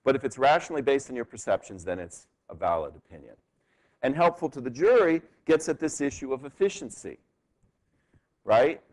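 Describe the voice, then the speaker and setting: Man, law professor, classroom lecture; animated intonation, mid pitch, chatty question-tag delivery. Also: brisk, rough recording. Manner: conversational, frequent tag "right?", animated rhetorical questions. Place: university lecture hall.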